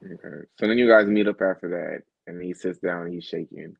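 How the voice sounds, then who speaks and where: A man with a low, gravelly, husky voice hosts a casual interview. His pitch swings widely as he teases his guest. The recording is dry and dull. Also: fairly quick, dry recording. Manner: teasing, playful, animated, acts out quotes. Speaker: interviewer, host.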